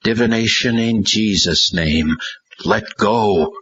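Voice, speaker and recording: A man voicing a gentle, earnest preacher who prays over a boy in an audiobook. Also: fairly low pitch, takes it slowly, breathy edge, highs cut off, voice pushed up, exaggerated voice. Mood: commanding.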